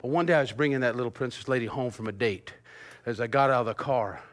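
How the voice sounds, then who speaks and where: A man in his fifties preaching a sermon as pastor, lively and joking, bursting into song and laughter, then dropping to a quiet, earnest hush. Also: medium pitch, fast. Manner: animated preacher, bursts into sung snippets and laughter, drops to hushed tones.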